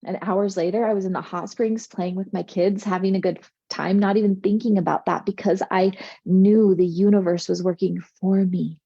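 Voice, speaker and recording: Soothing spiritual coach woman, mellow voice. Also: medium pitch, fairly even intonation, normal speed, gravelly, few pauses, breathy edge, no room sound, highs cut off. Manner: earnest, soothing, reassuring. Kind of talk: motivational talk.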